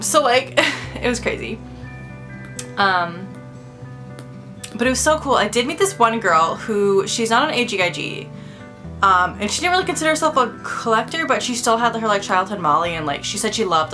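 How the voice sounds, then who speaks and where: Woman vlogger, chatty and gushing, bright clear tone, rambles with fillers, soft guitar underneath. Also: a little high. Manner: gushing and enthusiastic. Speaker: doll-collecting vlogger. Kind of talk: casual chat.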